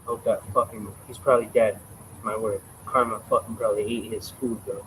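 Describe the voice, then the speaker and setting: A man's voice: lowish voice, little pitch movement, brisk, a bit bright, slight background noise, poor audio. A man telling a personal story on a live stream in casual, profane street slang. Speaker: livestreamer.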